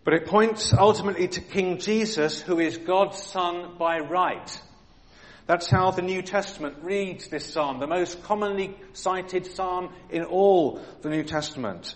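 A man's voice: high-pitched, unhurried. A man preaching a sermon in a church hall, earnest and dramatic, full of rhetorical questions.

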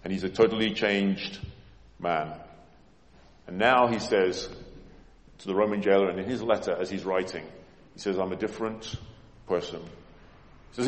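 In a large, echoing church hall, a low-voiced preacher delivers a sermon at normal speed with fairly even intonation and long pauses. He dramatizes quotes with sudden emphatic surges, and long reverb trails each phrase.

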